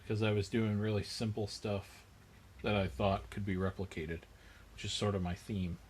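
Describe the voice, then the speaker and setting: A man with a fairly low voice talks casually through his painting livestream. He thinks aloud as he works and answers viewers with dry, self-mocking jokes. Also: level tone, normal speed, a little mellow, a little hiss or hum. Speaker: miniature painting livestream host.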